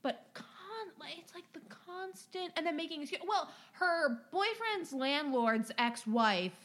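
A woman co-hosting a podcast who tells animated, casual stories, filling them with "like.". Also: high voice, unhurried. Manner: animated, heavy use of "like". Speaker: podcast co-host and bank teller. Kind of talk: casual storytelling.

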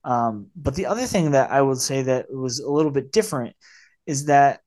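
A man's voice: medium pitch, normal speed, darkish tone. A man co-hosting a film podcast, talking in a loose, rambling way with many fillers and acted-out quotes. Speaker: podcast co-host. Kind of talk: casual film discussion.

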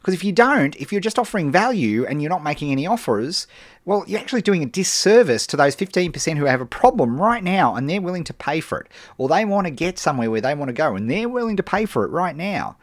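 A man's voice: on the high side, dry recording, clean studio sound. A man hosting a live stream, explaining business ideas in an emphatic, off-the-cuff way with many fillers and restarts. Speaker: host answering business questions.

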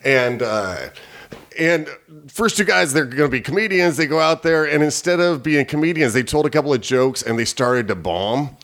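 A man's voice: fairly high pitch, moderate pace. A comedian guest telling a story in casual chat, swearing and acting out the people he quotes. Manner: animated, swearing, acts out quotes in voices.

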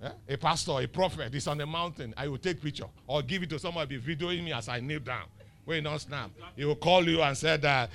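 A man's voice: on the high side, fast talker, gravelly, a bit bright. A male pastor preaching a sermon, emphatic and teasing, firing rhetorical questions at the congregation. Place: church.

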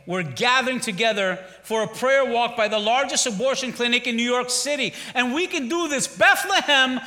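A man's voice: high voice, pushed and bright. A man preaching a sermon as pastor, rousing his congregation with repeated refrains and calls to respond, in a large church. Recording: long church hall reverb.

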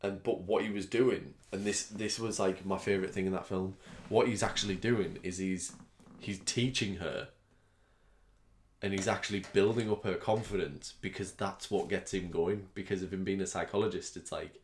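Laid-back man, low voice, echoey room. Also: steady tone, moderate pace. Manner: rambling, laughs often, slips into silly voices. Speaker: podcast co-host. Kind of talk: casual chat. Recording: roomy echo.

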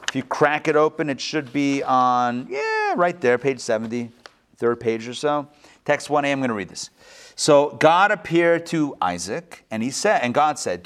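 A man, a rabbi, teaching a text study class in a playful, animated way full of rhetorical questions and jokes. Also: medium pitch, clean tone. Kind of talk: joking, interactive text study lecture.

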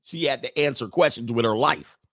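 A man's voice: mid-range voice, a little fast, a bit bright, dry recording, studio quality. A man, a coach hosting a podcast livestream, talking in a blunt, crude and preachy way while he reads chat comments.

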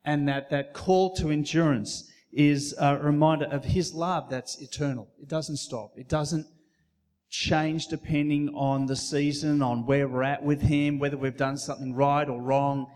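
A man preaching a sermon in a church, earnest and measured, with occasional fillers. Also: fairly high pitch, fairly even intonation, darkish tone. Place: church hall.

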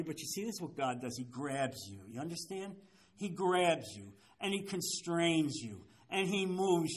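Seventies male pastor, high-pitched, emphatic sermon delivery, keeps checking listeners follow. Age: 70s. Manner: emphatic, keeps asking "you understand?". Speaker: pastor leading a Bible study. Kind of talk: sermon-style Bible teaching.

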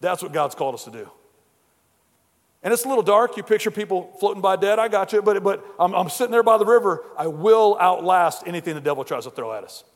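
A man preaching a sermon at a men's breakfast, energetic and exhorting, often repeating words as he starts a phrase. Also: sits high, fast, in a large hall.

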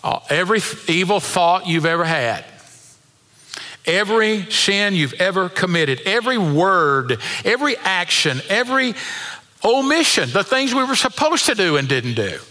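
A man's voice: high-pitched, big pitch swings, a little slow, pushed and bright, in a large hall. A man preaching a sermon, reading scripture aloud and building emphasis on key words. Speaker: pastor.

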